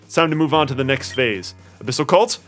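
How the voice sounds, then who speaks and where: A man reading out the lines of a cold, threatening female cult leader while playing a game, his voice dropping lower and quieter. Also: animated, brisk, soft background music, close to an everyday voice.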